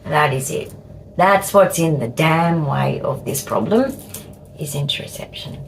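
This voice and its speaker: An Australian woman in her fifties vlogging in a halting, repetitive way with cheeky asides. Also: low voice, expressive, vocal fry, a little hiss or hum, poor audio. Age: 50s. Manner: slow, halting, repeats words, cheeky asides. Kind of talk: casual talk to camera.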